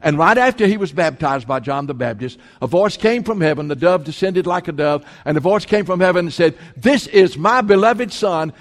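A man preaching a sermon as pastor, emphatic and repeating his points for stress. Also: a little high. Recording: long hall reverb.

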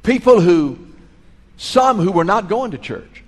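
A middle-aged pastor delivers a sermon. His voice sits a little high and swells on the key phrases. It rings out with the long echo of a large hall. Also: big pitch swings, measured pace. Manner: earnest, storytelling preacher, swells in volume on key phrases. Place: large hall, school auditorium.

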